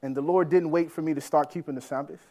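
A man preaching a sermon as a personal story, animated, swinging between loud bursts and hushed lines. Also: a little high, fast talker. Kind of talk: sermon testimony.

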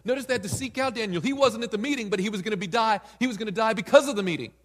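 A man preaching a sermon with animated storytelling and playful asides. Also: high voice, racing. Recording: long hall reverb.

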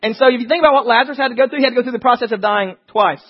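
A man preaching a sermon, reading scripture and talking fast with animated asides. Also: very high voice, husky, lo-fi sound.

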